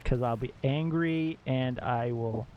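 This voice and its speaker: A man live-streaming a game and chatting casually with viewers, excitable, laughing often and swearing when surprised. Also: mid-range voice, slow, highs cut off, a little hiss or hum. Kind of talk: casual gameplay commentary to chat. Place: at home.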